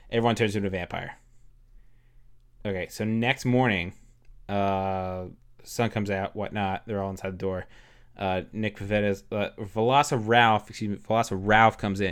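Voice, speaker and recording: A young man with a fairly low voice co-hosting a casual podcast. He makes up silly stories as he goes, full of "uh" and "like" and the odd curse. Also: steady tone, moderate pace, smooth. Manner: rambling, improvised storytelling with lots of fillers and swearing. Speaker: podcast co-host. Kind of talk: casual comedic chat.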